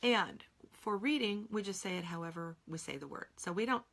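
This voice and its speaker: A woman's voice: medium pitch, expressive, a little fast, creaky, a bit bright. A middle-aged woman teaching spelling in a live online Q&A, explaining patiently and sounding words out syllable by syllable. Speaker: spelling trainer.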